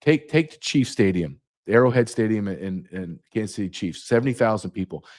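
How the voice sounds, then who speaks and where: A man's voice: fairly low pitch, lively intonation, brisk, darkish tone. A man speaking as a guest, emphatic and repeating key numbers for effect. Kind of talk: emphatic interview talk.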